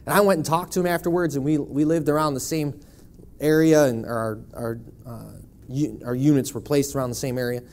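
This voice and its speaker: A man's voice: mid-range voice, fairly even intonation, fairly quick, darkish tone. A man in his thirties from Buffalo, New York, giving a personal testimony in church with a wry, conversational storytelling manner. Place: church sanctuary.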